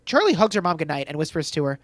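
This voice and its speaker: Fast-talking, lively man recapping casually. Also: a little high, dry recording. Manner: quick, chatty, laughs often, sarcastic asides. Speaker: podcast co-host recapping episodes. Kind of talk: casual chat.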